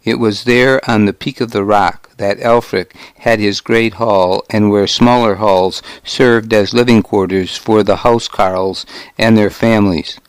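A man narrating a historical novel in the first person, in a measured, grave storytelling manner. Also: on the low side, fairly even intonation, smooth, no room sound. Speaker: audiobook narrator.

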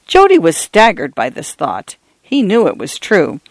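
Steady male audiobook narrator. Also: high voice, no room sound. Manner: measured storytelling, shifting tone slightly for characters. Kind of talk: scripted narration of a novel.

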